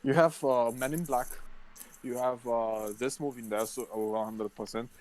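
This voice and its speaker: A man's voice: mid-range voice, normal speed. A young man co-hosting a podcast in casual chat, ranting and swearing often. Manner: swears constantly, ranting and animated. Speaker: podcast co-host.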